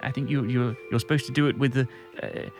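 A man's voice: medium pitch, fairly even intonation, a little fast, darkish tone, soft background music, lightly acted. An actor playing a mild, hesitant co-host who halts and restarts his sentences.

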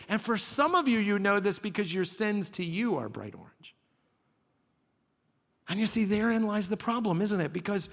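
A man's voice: high-pitched, animated, moderate pace, fairly bright tone, long reverb tail. A man preaching a sermon as pastor, conversational, with rhetorical questions and dry humor.

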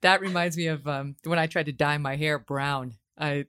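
A woman's voice: low voice, fairly even intonation, normal speed, fairly bright tone, clean tone, no echo, clean studio sound. A woman hosting an interview podcast, making sarcastic asides and sharing her own stories. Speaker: podcast host. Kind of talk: casual interview.

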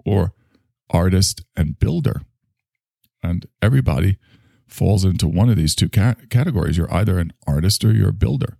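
Deep and darkish with some vocal fry, this podcast host talks alone in a dry, clean studio recording. His back is hurting, so his casual monologue wanders, mocks himself, and flips from complaints to eager excitement.

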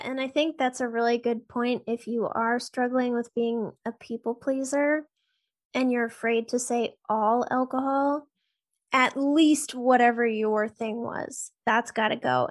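Brief: woman co-host, higher voice, chatty, quick to laugh. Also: steady tone. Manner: chatty, laughs easily, filler-heavy. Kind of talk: casual conversation.

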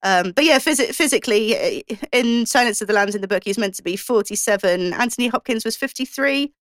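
A woman discussing films in casual chat, halting often with ums and restarts. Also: fairly high pitch, lively intonation, fairly bright tone, no echo, clean studio sound. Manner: hesitant, many ums and restarts.

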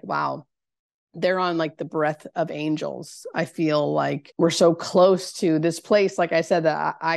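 A woman, a hospice nurse, telling a personal story in a podcast interview, halting and searching for words with many fillers. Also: lowish voice, vocal fry, no echo, clean studio sound.

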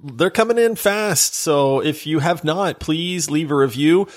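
A man co-hosting a casual gaming podcast, animated and quick to laugh, talking into a close mic at home. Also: on the high side. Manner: animated, laughing, does silly voices when reading. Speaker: podcast co-host. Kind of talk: casual chat.

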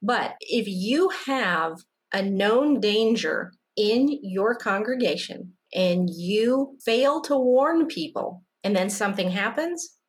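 A woman's voice: mid-range voice, expressive, takes it slowly, hardly any pauses. Host, female, frank and firm, conversational. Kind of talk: conversational interview.

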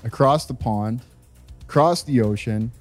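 Slow, laid-back man. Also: mid-range voice, faint music behind. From Canada. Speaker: podcast host. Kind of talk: casual podcast chat. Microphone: remote call.

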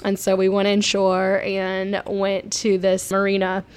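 A young woman from South Florida telling stories casually to her viewers, chatty and excitable, laughing often. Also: mid-range voice, measured pace, clean tone. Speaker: vlogger. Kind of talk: casual storytelling.

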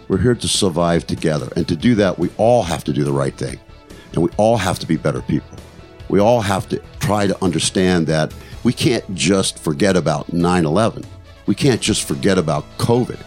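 His voice sits low with a darkish tone. He's an older podcast host giving a reflective storytelling monologue, earnest and motivational, with phrases repeated for emphasis.

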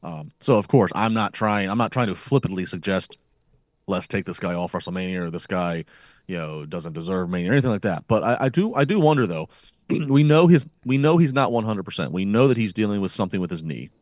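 A man's voice: sits low, animated, a little fast, a little mellow, no echo, clean studio sound. A man co-hosting a wrestling podcast, thinking aloud in casual chat with frequent restarts. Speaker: podcast co-host.

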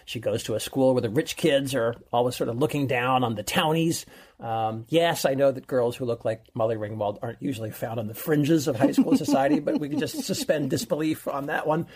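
A man's voice: medium pitch, lively intonation, brisk, darkish tone, slightly rough. Rambling man co-hosting a movie podcast. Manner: chatty, rambling, with fillers and laughs. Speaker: co-host. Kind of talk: podcast movie-advice chat.

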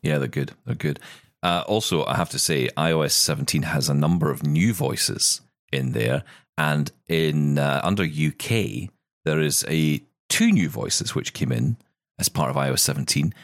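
A man's voice: very deep voice, moderate pace, no room sound, studio quality. A man with a Scottish accent, co-hosting a podcast in casual, enthusiastic chat about tech, often correcting himself mid-sentence. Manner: animated, enthusiastic, self-correcting. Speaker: podcast co-host.

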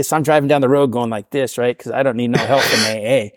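A middle-aged man tells a personal story at a quick clip and puts on the voices of the people in it. The recording is dry and close, with no room sound. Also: medium pitch, no echo. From Portland, Oregon area. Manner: animated storyteller, acts out quoted voices. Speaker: guest sharing recovery story. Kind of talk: casual storytelling.

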